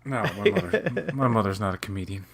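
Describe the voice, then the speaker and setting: A man's voice: mid-range voice, big pitch swings, a little fast, creaky, a bit bright, dry recording. A man co-hosting a casual watch-along chat, rambling loosely with many fillers. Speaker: podcast co-host.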